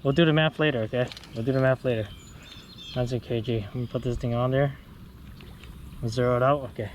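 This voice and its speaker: A young man filming his fishing trip on a creek, talking casually and excitedly, repeating his exclamations and calling his friends bro and dude. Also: medium pitch, a little fast. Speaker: fishing vlogger. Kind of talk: casual outdoor fishing commentary. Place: outdoors on a creek. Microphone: action camera. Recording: outdoor camera audio with loud water noise.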